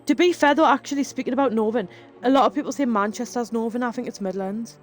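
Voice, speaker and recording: A young Geordie woman chats away on a live stream, her voice sitting a touch high. She giggles often, leans on "like" and reads her viewers' messages aloud. Soft music plays faintly behind her. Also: fast talker. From North East England. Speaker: livestreamer. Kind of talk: casual chat while reading live chat.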